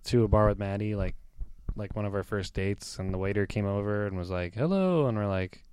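A man's voice: lowish voice, completely flat delivery, fairly quick, a little mellow, clean tone, dry recording. Wisecracking man in casual chat. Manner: dry joking, wisecracking.

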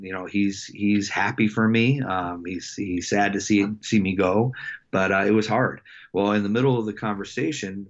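A middle-aged man with a very low voice tells a story in a relaxed interview. He stumbles and restarts often, leaning on fillers. The recording sounds muffled and lo-fi. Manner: halting, many fillers and restarts. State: emotional. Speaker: coach. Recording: dull lo-fi sound.

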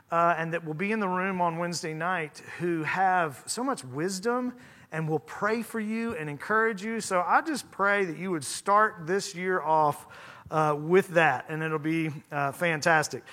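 A man in his thirties, a pastor, preaching a sermon in a church, his voice hoarse from singing and his delivery conversational with self-deprecating humor. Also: sits high, bright, forceful tone. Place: church sanctuary.

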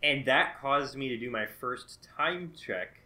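Hesitant young man with a bright voice. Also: mid-range voice, lively intonation, unhurried. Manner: hesitant, many "um"s, dry complaints. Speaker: podcast co-host. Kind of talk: casual movie review chat.

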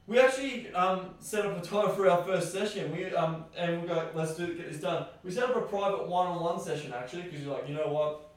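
A man's voice: sits high, animated, a little fast. A man hosting a podcast, telling a story casually and animatedly, acting out dialogue and swearing freely. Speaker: podcast host. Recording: very echoey room, distant mic.

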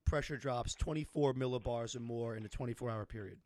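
A man's voice: medium pitch, fairly quick, darkish tone, dry recording. A man in casual chat who explains things loosely, full of fillers and repeated words.

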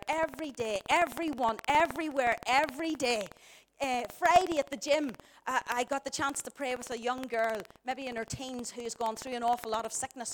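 A middle-aged woman with a Northern Irish accent preaching a sermon, emphatic and full of rhetorical questions to the congregation. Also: fairly high pitch.

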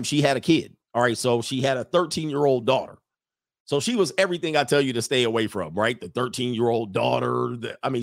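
Brief: gravelly male storyteller, dry close sound, chatty. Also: medium pitch, no room sound. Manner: conversational, tags lines with "right?". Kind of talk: casual storytelling monologue.

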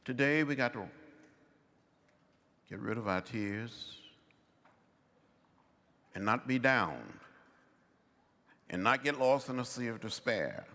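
An older man giving a commencement address in measured, rhythmic oratory with long pauses. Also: medium pitch, lively intonation, a bit bright, long reverb tail. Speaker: commencement speaker. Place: large outdoor ceremony.

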